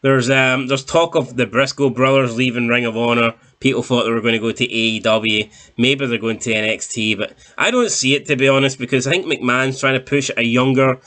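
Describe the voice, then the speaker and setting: A man's voice: mid-range voice, fairly even intonation, fairly quick, sharp tone. A man casually recapping a wrestling show, rambling with many fillers and restarts and swearing now and then.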